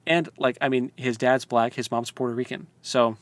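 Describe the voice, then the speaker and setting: A man co-hosting a podcast, chatting in an animated way with frequent laughs and fillers. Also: mid-range voice, moderate pace, no echo. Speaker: podcast co-host. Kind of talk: casual podcast discussion.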